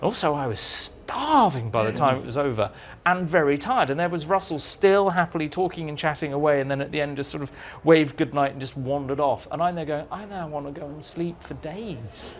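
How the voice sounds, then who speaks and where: A man telling lively anecdotes as an interview guest, acting out the dialogue in his stories, in a meeting room with an audience. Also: on the high side, brisk, hardly any pauses, slight background noise. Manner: animated storyteller, acts out dialogue. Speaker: interviewee, writer.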